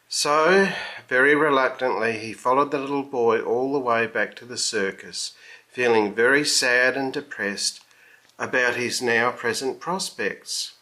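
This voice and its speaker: Slow, bright-toned male storyteller. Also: mid-range voice. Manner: slow, expressive storybook reading. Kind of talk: reading a children's story aloud.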